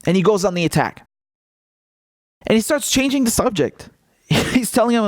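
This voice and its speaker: A male political commentator in a casual vlog, talking in a mocking, animated way and laughing often. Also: high-pitched, brisk, no echo, studio quality.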